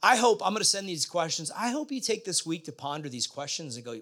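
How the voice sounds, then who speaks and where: A man's voice: on the high side, very animated, fast, fairly bright tone. A middle-aged man preaching a sermon in a conversational way, often putting questions to the congregation. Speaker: pastor.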